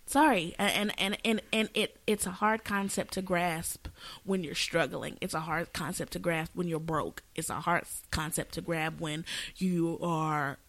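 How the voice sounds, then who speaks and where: A woman's voice: lowish voice, steady tone, a little slow, fairly bright tone, no room sound. A woman co-hosting a casual faith podcast, speaking earnestly in a preaching tone, with frequent restarts. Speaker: podcast co-host.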